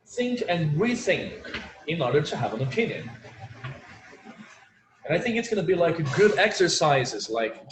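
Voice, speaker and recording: In an echoey room with faint ambience, a man with a slightly high voice runs an online English lesson, a bit of hiss or hum in the recording. He's a chatty native Portuguese speaker who leans on "like" and "you know."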